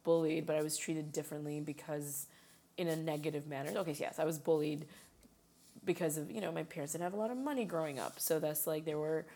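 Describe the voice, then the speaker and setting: A woman's voice: sits low, fast. A woman from Chicago chatting casually, telling stories animatedly with frequent laughs and fillers. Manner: animated storyteller, laughs often, many fillers. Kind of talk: casual chat.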